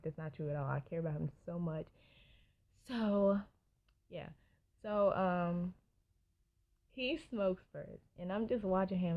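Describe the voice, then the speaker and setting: A young woman, telling a personal story in a casual storytime vlog, chatty and full of asides to her viewers. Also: fairly low pitch. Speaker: vlogger. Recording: dull lo-fi sound.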